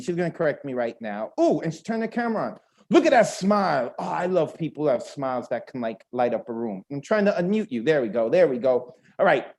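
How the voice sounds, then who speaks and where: A man's voice: on the high side, a little mellow. A man hosting an online open mic over a video call, joking and chatting between performers. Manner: playful, joking, rambling asides.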